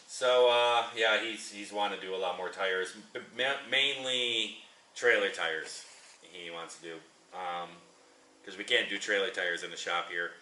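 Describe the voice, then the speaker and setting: A man's voice: deep voice, sharp tone, slight background noise. A man who drives a truck for a living, chatting in a rambling, repetitive way as he tells a story in his vlog from a repair shop. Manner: rambling, chatty, repeats himself. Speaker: trucker and channel host. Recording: echoey shop, mic at a distance.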